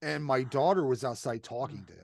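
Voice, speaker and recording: A man's voice: mid-range voice, fairly quick, creaky, crowd noise. A man telling stories in casual podcast chat, swearing often and getting heated. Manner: profane, heated storytelling. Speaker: podcast co-host.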